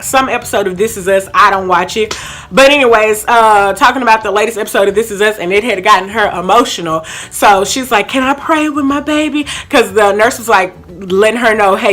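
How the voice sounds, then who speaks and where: Bright-voiced young woman vlogger. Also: mid-range voice. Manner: chatty, animated retelling with acted-out quotes and many fillers. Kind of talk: casual storytime vlog.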